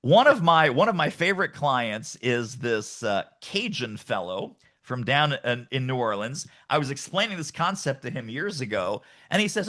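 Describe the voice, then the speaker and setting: A middle-aged man, a guest author and sales coach, talking emphatically in an energetic podcast interview. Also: mid-range voice, normal speed, few pauses. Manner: emphatic, animated, acts out quoted voices.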